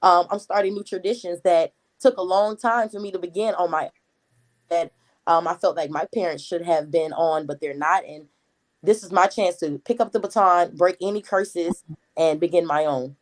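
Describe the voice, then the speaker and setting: A woman in her thirties with a Gullah Geechee accent, a talkative community activist answering interview questions in a steady flow. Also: fairly low pitch, low-quality recording. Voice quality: talkative, words flow quickly.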